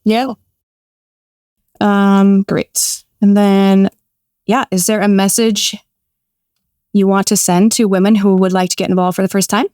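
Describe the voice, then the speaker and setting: A woman's voice: medium pitch, level tone, measured pace, pauses often, a little mellow, no room sound, clean studio sound. A woman interviewing guests in a casual, upbeat and encouraging way, laughing often. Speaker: interviewer, association founder.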